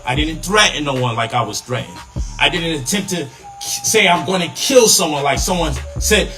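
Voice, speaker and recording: Man, higher voice, very lively pitch, emphatic lecturing commentary for a live stream. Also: moderate pace, faint music behind, rough recording.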